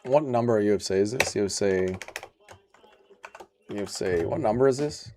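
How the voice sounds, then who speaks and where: Amid background noise, a man streaming live reads viewer comments aloud at a moderate pace and answers them casually. His replies swing from loud, profanity-filled rants to low grumbling.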